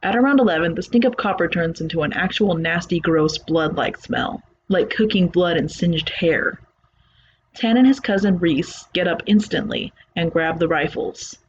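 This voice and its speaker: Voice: medium pitch, normal speed, highs cut off, a little hiss or hum. A narrator reading a first-person horror story aloud in a plain, conversational retelling.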